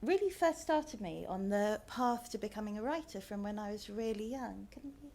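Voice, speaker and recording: A woman's voice: medium pitch, animated, moderate pace, darkish tone, a little hiss or hum. A woman author giving a chatty talk with slides, hesitant and full of ums. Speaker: author, guest speaker.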